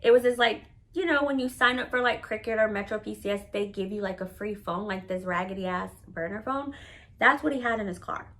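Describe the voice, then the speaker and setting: Bright-voiced woman telling a candid story. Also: mid-range voice, a little fast. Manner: candid and profane, with many "like" fillers. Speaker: vlogger telling a personal story. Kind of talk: casual storytime monologue.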